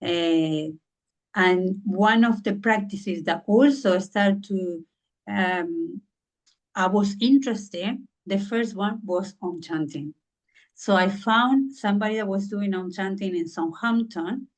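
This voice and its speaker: An earnest woman speaks unhurriedly as a podcast guest, recounting a personal story. She pauses to search for words and leans on "you know" often. Her pitch sits in a middling range. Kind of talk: personal story in a conversational interview. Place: lives in southern England.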